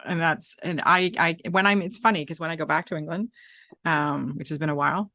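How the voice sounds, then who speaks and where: A woman's voice: low-pitched, steady tone, a little fast, pushed and bright, dry recording, studio quality. A woman hosting a talk show, chatting casually and rambling with many restarts and fillers. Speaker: podcast host. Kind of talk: casual chat.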